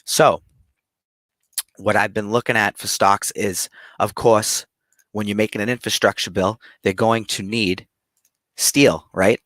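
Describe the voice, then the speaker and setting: A man's voice: lowish voice, steady tone, a little slow, pauses often, fairly bright tone, dry recording. A man with a Boston accent talking casually and upbeat about swing trading on a livestream. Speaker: guest trader presenting a show.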